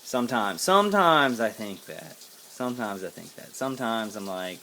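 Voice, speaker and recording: American guy venting on his vlog, low voice, swears a lot, lots of ums and restarts, faint hiss behind. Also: lively intonation, moderate pace, bright, forceful tone. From United States. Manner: angry, profane and rambling, with many fillers and restarts. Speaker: vlogger. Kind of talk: casual to-camera monologue.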